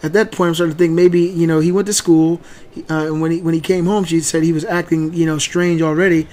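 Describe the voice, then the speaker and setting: A man hosting a channel, telling a family story casually and acting out the quoted lines loudly. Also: fairly high pitch, little pitch movement, fast. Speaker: channel host and father.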